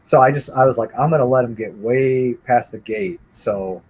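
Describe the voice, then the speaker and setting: A man casually telling a story, animated, acting out the quotes. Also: medium pitch, normal speed, husky, poor audio. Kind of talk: casual chat.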